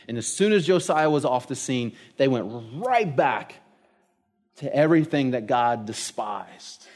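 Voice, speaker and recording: A middle-aged man, preaching a sermon in an animated, storytelling way. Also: mid-range voice, unhurried. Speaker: pastor.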